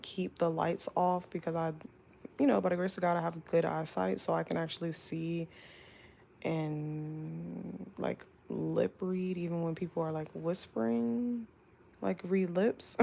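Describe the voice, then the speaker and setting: A young woman flight attendant telling a work story as a casual storytime, chatty and animated, full of "like". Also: fairly low pitch, vocal fry.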